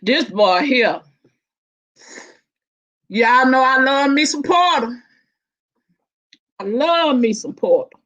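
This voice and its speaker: A woman talks casually on a live stream, animated and quick to laugh, drawing out her words at an unhurried pace. Her voice sits a little high for a woman. The audio is dull and lo-fi. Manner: animated, laughing, Southern-inflected slang.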